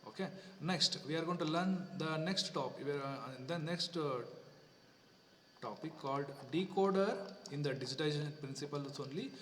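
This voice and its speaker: A man teaching a class in a fairly high voice, restating each point and checking with "okay" as he goes. The room has a long ringing echo, and he sounds set back from the mic. A faint hiss sits under his speech. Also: moderate pace, a bit bright, recorded from a distance. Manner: repetitive, explains step by step with frequent "okay". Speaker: lecturer. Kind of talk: classroom lecture.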